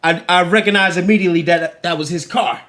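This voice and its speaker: Man, very high pitch, sharp bright tone; animated, profane podcast host spinning a story. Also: quick pace. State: winded. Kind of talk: casual storytelling chat.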